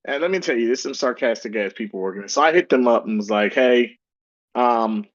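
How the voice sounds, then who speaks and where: A man's voice: mid-range voice, a little fast, dry recording, lo-fi sound. A man co-hosting a casual gaming podcast, telling a shop story and acting out the lines people said. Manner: animated storyteller acting out quotes. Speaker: podcast co-host. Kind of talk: casual chat.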